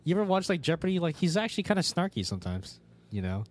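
A man's voice: fairly high pitch, big pitch swings, fast. A young man co-hosting a casual podcast, talking animatedly with many fillers and casual swearing. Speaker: podcast co-host. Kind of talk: casual chat.

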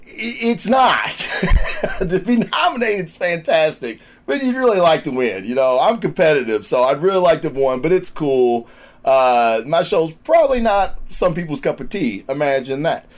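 A man hosting a podcast in casual chat, loud, profane and excitable. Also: a little high, normal speed. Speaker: podcast host. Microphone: studio microphone.

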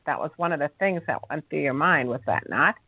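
A show host calmly interviewing a guest over a phone line, asking measured questions. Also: medium pitch, gravelly, slightly rough, no room sound.

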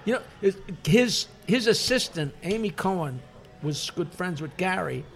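High, gravelly man rambling through anecdotes. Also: unhurried, faint music behind. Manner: animated and rambling, laughs often. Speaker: comedian guest. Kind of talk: casual storytelling. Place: bar or restaurant.

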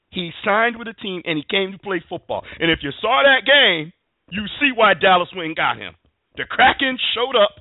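A man hosts a sports talk show, ranting emphatically about the game. His voice sits fairly high and swings widely in pitch. It comes through a narrow phone-like line with no room sound. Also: no echo. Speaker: show host.

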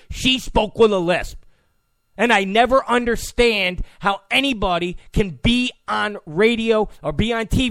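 A man's voice: high-pitched, vocal fry, fairly bright tone, no echo. A male talk show host delivering a political monologue in a mocking, joking way, with mock apologies.

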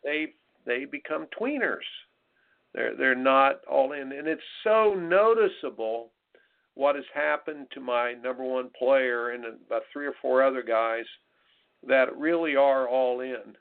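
A man's voice: mid-range voice, measured pace, gravelly, clear, resonant tone. A middle-aged American man, a tennis coach hosting a radio show, talking in a folksy, emphatic way and repeating his points. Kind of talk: radio talk monologue. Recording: tinny phone-line radio broadcast.

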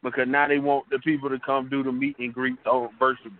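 A man's voice: mid-range voice, little pitch movement, quick pace. A man co-hosting a podcast in easygoing casual chat, laughing as he talks. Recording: tinny phone line, faint noise.

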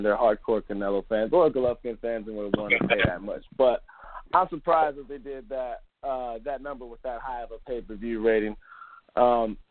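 A man's voice: mid-range voice, no echo. A man hosting a casual sports podcast, rambling and loose, with some swearing. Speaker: podcast host. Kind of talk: casual chat. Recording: dry, phone-like line.

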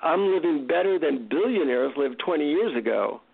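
Male guest author, animated storyteller, gravelly and fairly high, phone-line quality. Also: moderate pace. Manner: animated, self-mocking storyteller. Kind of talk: storytelling in an interview.

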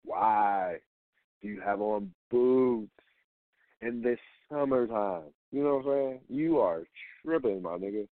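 A man's voice: fairly low pitch, slow pace, no echo. A man hosting a casual, profane rant, blunt and repetitive, firing rhetorical questions at the things he hates. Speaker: host of a rant show. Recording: dry, tinny phone-like sound.

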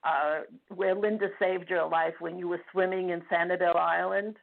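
An older woman calling in to a radio show, speaking emotionally with halting restarts, heard over the phone. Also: lowish voice, steady tone, gravelly. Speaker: caller. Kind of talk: phone-in call. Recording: tinny phone line.

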